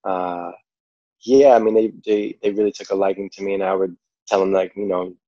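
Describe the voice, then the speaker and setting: Deep-voiced New Yorker telling stories. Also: male voice, fairly even intonation, moderate pace, warm tone, no room sound, highs cut off. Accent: New York. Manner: rambling, full of "like" and "you know". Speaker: podcast guest. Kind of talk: casual storytelling.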